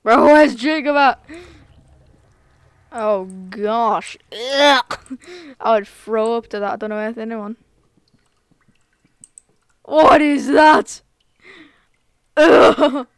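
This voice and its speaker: A woman streaming a game live, talking casually to viewers, excitable and giggly, full of slang. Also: a little high, slow, long pauses, clear, resonant tone, no room sound. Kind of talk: casual live gameplay commentary.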